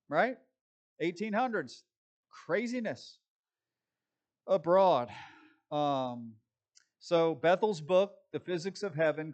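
Emphatic preacher, man with raised pitch. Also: a little mellow, highs cut off. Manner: emphatic, sarcastic asides. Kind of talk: sermon teaching.

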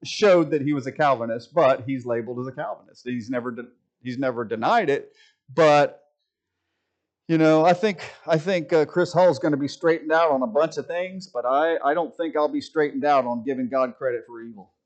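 A man, likely a pastor, giving a conversational preaching rant, emphatic and full of restarts, swinging between loud declarations and quiet asides. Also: mid-range voice, moderate pace.

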